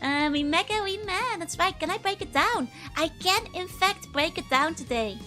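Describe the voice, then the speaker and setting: A woman's voice: very high-pitched, expressive, moderate pace, pushed and bright, faint music behind. A young woman streaming a game, chatting casually and giggling as she greets viewers by name. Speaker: VTuber streamer. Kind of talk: casual live-stream chat.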